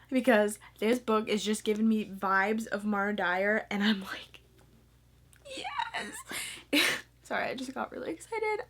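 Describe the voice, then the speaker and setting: A bubbly young woman talks casually into a camera in a small room, her voice sitting a bit high. She gushes and rambles with plenty of fillers, eager and excitable. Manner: bubbly and excitable, lots of fillers, squeals and laughs. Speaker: book vlogger. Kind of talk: casual chat.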